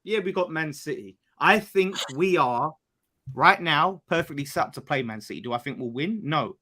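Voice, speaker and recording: A man on a casual football podcast, boastful and animated, bantering and swearing. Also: on the high side, normal speed. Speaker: podcast panelist.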